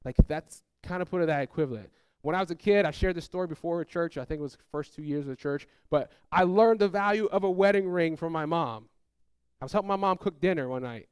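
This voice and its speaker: A man's voice: on the high side, quick pace, smooth, no echo, studio quality. A man preaching a sermon to his congregation, telling family stories and acting out the people in them. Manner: animated, acts out family quotes in raised voices; addresses congregation, asks them to call out. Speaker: pastor. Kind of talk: sermon storytelling.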